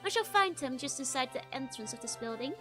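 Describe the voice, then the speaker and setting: A woman doing an earnest young courtly gentleman. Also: high voice, lively intonation, fairly quick, music in the background. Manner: archaic courtly speech, thee and thou. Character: handsome young nobleman, earnest, hot-tempered.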